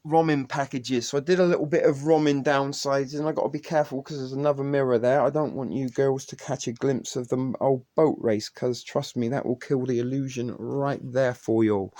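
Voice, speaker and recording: A man who does not speak English as his first language walks through his food stash in a loose, jokey, rambling way, full of ums. His voice sits at a middling pitch and sounds dry and close, with no room around it. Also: a little mellow, no room sound. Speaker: vlogger. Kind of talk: casual home pantry tour.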